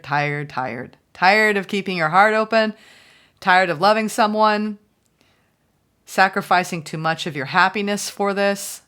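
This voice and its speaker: A woman's voice: low-pitched, fairly bright tone. A woman giving a casual, chatty tarot reading, musing aloud and voicing the viewer's thoughts. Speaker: tarot reader.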